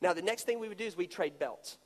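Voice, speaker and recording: High-voiced preacher guy, jokey, working the crowd, big echoey hall. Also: fast. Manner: animated, jokey storytelling with volunteers. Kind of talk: sermon with live demonstration. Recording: long hall reverb.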